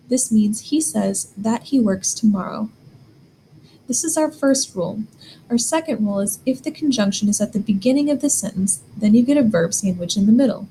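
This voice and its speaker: Woman, teacher, scripted grammar lesson, patient step-by-step explaining, warm low-key tone. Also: slight background noise, poor audio. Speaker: German teacher.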